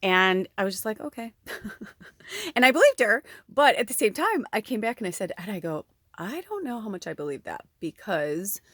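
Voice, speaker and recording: A woman's voice: medium pitch, very animated, normal speed, fairly bright tone, dry recording, studio quality. A woman who works as a spiritual medium, talking to her viewers in a casual, rambling way. She fills her talk with fillers and laughter and swears freely. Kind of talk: casual rambling monologue to camera.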